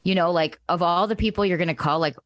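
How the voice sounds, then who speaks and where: A woman's voice: lowish voice, quick pace, no room sound. A woman co-hosting a podcast, talking in a blunt, profane ranting way in casual chat. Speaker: podcast co-host.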